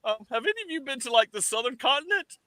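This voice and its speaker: A man's voice: extremely high pitch, very animated, fast talker, bright, forceful tone, dry recording, voice pushed up, exaggerated voice. A man voicing a chatty young male spirit who rambles in an airy, bubbly way.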